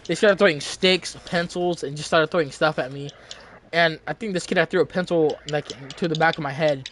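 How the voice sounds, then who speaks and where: A man's voice: fairly high pitch, fairly even intonation, normal speed, a bit bright. A young man telling a rambling, casual story from his school days, full of restarts and fillers. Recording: noticeable background noise.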